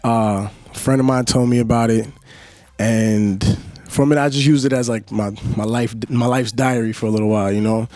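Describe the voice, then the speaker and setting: A young man chats as a radio interview guest. His voice sits mid-pitched and easygoing, and he rambles loosely, filling gaps with "you know". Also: fairly even intonation, moderate pace, darkish tone, no room sound. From Yonkers, New York. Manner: laid-back, rambling, peppered with "you know". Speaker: singer and Vine creator, guest. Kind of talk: casual interview talk.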